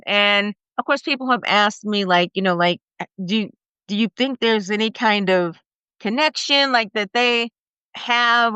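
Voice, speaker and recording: A woman in her forties, a podcast guest, retelling a personal story in a halting, emotional way with many fillers. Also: medium pitch, pushed and bright, smooth, dry recording. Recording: slightly muffled dry recording.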